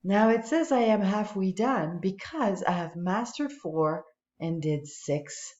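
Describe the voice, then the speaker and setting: Teacher's screen-recording voice: a woman, slow and patient with a lively sing-song pitch, dull echoey room sound. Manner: lively, patient, explaining step by step. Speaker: French teacher. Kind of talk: screen-recorded tutorial walkthrough.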